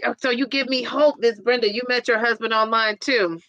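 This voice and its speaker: A woman's voice: fairly high pitch, fairly even intonation, brisk, hardly any pauses, fairly bright tone, no echo, highs cut off. A woman hosting a casual livestream, reading viewer comments aloud and laughing often between them. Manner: laughs often, giggly exclamations. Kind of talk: casual live chat.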